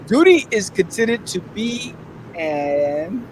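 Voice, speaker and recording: High-voiced wisecracking man. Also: sing-song, slow pace, a little hiss or hum, rough recording. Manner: laughing a lot, wisecracking. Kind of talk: casual chat.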